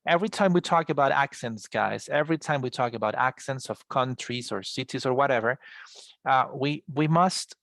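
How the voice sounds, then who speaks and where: A Colombian man with a Spanish accent teaches English over a video call in a patient, explanatory lecture style, often restarting his sentences. His voice sits at a middle pitch, and the sound is dry and close with no room echo. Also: normal speed, vocal fry, fairly bright tone. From Colombia, from Bogota. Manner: explanatory, addresses students as guys, frequent restarts. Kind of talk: online class lecture.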